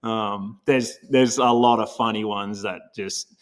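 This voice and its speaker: A man's voice: on the low side, steady tone, takes it slowly. Aussie guy w/ strong toowoomba accent, laid back, laughs thru his stories. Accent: Australian, Toowoomba. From Australia. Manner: easygoing, laughs often while telling stories. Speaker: guest, pro angler. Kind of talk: casual interview chat.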